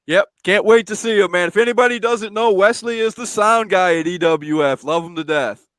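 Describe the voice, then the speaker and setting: A man's voice: high voice, fairly quick, fairly bright tone, clean tone, dry recording. A man hosting a casual live stream from home, chatting, reading out viewer comments and laughing often. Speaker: show host.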